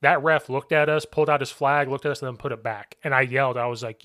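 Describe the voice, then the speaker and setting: A football coach talking casually on a podcast, with a voice of ordinary male pitch. He tells animated stories and slips into quoted shouts along the way. The sound is dry, with no room echo. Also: fairly quick.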